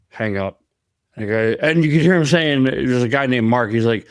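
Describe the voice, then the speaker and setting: A man's voice: medium pitch, moderate pace, smooth, no room sound, clean studio sound. A male podcast co-host telling rambling stories in casual chat, laughing as he goes.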